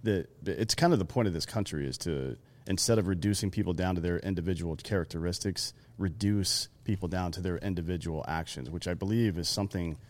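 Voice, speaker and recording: A man co-hosting a podcast, dropping dry, deadpan asides. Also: deep voice, brisk, hardly any pauses. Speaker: podcast co-host. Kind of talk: casual chat.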